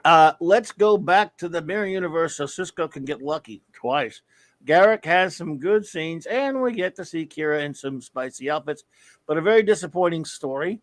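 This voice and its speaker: A man's voice: on the high side, expressive, moderate pace, no echo. A man co-hosting a podcast, reading listener reviews aloud in a joking, rambling way full of fillers. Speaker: podcast co-host.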